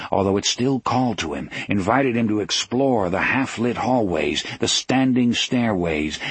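A man narrating an audiobook in a measured, dramatic storytelling manner, slowing down for emphasis. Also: fairly low pitch, husky, no echo. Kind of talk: scripted narration.

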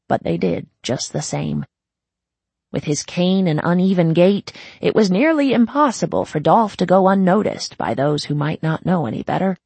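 Gravelly, expressive audiobook narrator. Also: medium pitch, no room sound. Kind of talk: scripted narration.

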